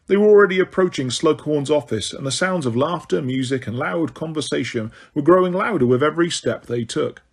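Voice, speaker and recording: A man's voice: fairly high pitch, darkish tone, husky. A man reading a novel aloud as an audiobook narrator, with occasional stumbles and restarts. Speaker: audiobook reader.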